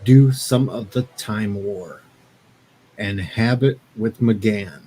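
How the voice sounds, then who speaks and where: A man, a panelist on a live-stream show, laying out his opinion quickly and firmly. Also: lowish voice, warm tone, slight background noise, low-quality recording.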